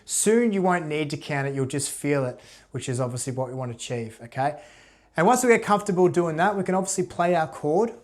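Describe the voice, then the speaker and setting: Relaxed male guitar teacher, slightly high. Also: brisk. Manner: relaxed, repeats "right?" often. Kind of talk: casual video lesson.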